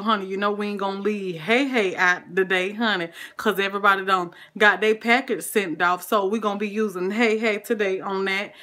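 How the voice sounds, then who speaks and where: A woman's voice: medium pitch, sharp tone. A woman with a Southern American accent hosting a cooking livestream, chatting casually and calling her viewers "honey" and "child". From Southern United States. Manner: folksy, sprinkles "honey" and "child", greets viewers by name.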